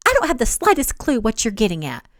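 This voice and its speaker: This is a hot-tempered young woman from a romance storybook, put on by a woman reading aloud. She pitches her voice high and shrill and argues with tearful indignation. The sound is dry and close, with no room around it. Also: huge pitch swings, fast talker, no echo. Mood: indignant.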